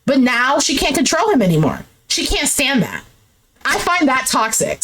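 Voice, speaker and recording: A young woman doing a recap of a dating show, reacting with exasperation and swearing, and acting out the cast's lines in a lower voice. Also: very animated, normal speed, a bit bright, a little hiss or hum. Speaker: recap streamer. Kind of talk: animated reaction commentary.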